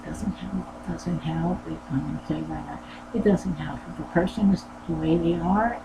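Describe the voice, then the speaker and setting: A woman who hosts a sewing channel, talking in a rambling, earnest way and repeating her phrases, with a low voice that she says never goes higher. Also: normal speed, creaky. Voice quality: low voice that does not go higher. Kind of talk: casual personal talk. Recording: noisy background.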